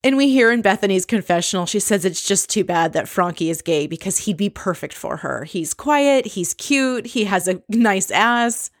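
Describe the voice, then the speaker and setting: A woman casually recapping a reality show scene by scene, chatty and quick to laugh. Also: mid-range voice, lively intonation, no room sound, clean studio sound. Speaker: recap podcast host.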